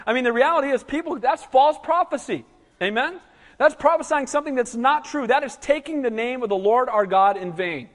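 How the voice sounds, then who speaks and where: A male pastor with a notably high voice preaches briskly, animated and conversational, often checking in with listeners through frequent "Amen?" calls. A long reverb on his voice suggests a large church sanctuary.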